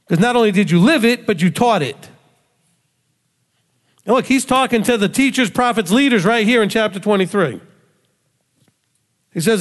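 A man teaching as a rabbi in a sermon, emphatic, asking rhetorical questions and acting out quoted voices. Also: high-pitched. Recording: long hall reverb.

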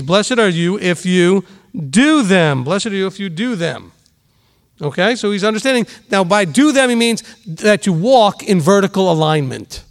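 A man teaching scripture, reading verses aloud and pressing his points with emphatic rhetorical questions. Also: high-pitched. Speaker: Bible teacher.

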